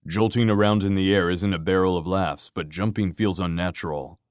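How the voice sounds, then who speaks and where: A man voicing a tense male soldier under pressure in an audiobook, low and wry, muttering. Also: steady tone, a little fast, no room sound, studio quality, lightly acted.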